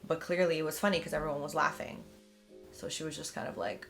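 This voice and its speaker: Wry comedian lady, lowish voice, music softly behind. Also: level tone, fast, creaky. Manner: wry, self-deprecating. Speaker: stand-up comedian guest. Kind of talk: casual interview talk.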